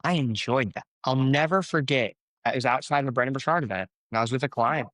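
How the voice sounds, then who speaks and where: A man's voice: mid-range voice, fast talker, fairly bright tone, dry recording. A man, a coach, speaking as a podcast guest, telling stories and giving life advice in an earnest, motivational way. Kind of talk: conversational podcast interview.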